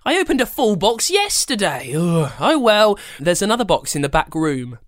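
A storyteller voicing a chatty, eccentric elderly grandmother who sews, with a fussy, high-pitched manner. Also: very animated, moderate pace, no echo, studio quality, natural voice. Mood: puzzled. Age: older.

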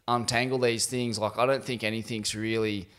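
A man's voice: lowish voice, level tone, moderate pace, a bit bright, clean tone. A man with an Australian accent hosting a podcast, easygoing and reflective, with casual swearing. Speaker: podcast host. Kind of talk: casual interview.

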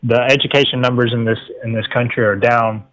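A man's voice: medium pitch, fairly even intonation, brisk, fairly bright tone, low-quality recording. A man calling in to a talk radio show, rambling and frustrated. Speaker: caller.

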